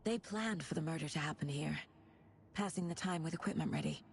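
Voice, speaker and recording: Calm woman profiler in a game: lowish, gravelly, analytical. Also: a little hiss or hum. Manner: measured, analytical. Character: composed woman FBI profiler. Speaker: FBI profiler. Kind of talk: video game dialogue.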